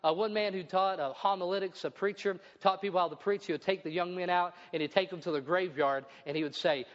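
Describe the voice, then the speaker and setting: Preacher with a raised tenor in a hall. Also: male voice, high voice, steady tone, quick pace, hardly any pauses. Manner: expository preaching, reading scripture aloud with asides. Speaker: pastor. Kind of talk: sermon. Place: church building. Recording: dull sound with long hall reverb.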